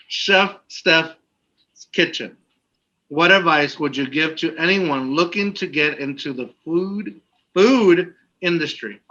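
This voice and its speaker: A man's voice: a little high, slow, sharp tone, muffled recording. A young man co-hosting a podcast, joking around and reading out listener questions in casual chat. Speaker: podcast co-host.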